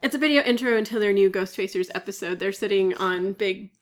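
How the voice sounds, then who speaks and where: A woman's voice: mid-range voice, fairly quick. Woman podcast co-host, methodical but casual, laughs easily. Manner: lays out arguments step by step, laughs often. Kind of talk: casual fan podcast chat.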